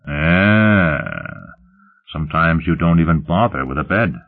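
A man's voice: low voice, measured pace, a little hiss or hum. Man doing a gloating, brash pleasure-seeker. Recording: tinny phone-like sound.

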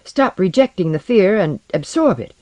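A narrator voicing Manon, a scientist who talks in a rapid, nervous voice in an audiobook. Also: mid-range voice, big pitch swings, darkish tone, no room sound, voice pushed up, lightly acted.

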